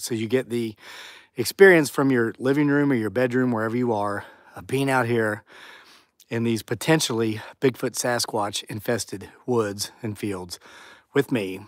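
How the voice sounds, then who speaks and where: Man, casual live-stream host, outdoors by the woods, dry close sound, chatty, mid pitch. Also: no echo. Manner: chatty, reads viewer comments aloud. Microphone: phone or camera on a tripod.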